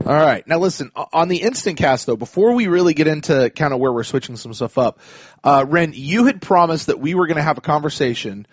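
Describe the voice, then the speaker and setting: A man's voice: on the high side, animated, fairly quick, slightly rough, no room sound, lo-fi sound. A man hosting a casual sports podcast, chatty and full of restarts. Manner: chatty, many restarts and fillers. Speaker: podcast host.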